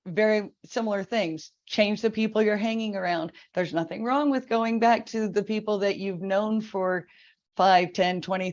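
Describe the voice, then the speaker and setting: A woman's voice: mid-range voice, darkish tone, muffled recording. A woman hosting an interview, enthusiastic and affirming toward her guest. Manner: enthusiastic, affirming, laughs easily. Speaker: podcast host. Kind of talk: interview chat.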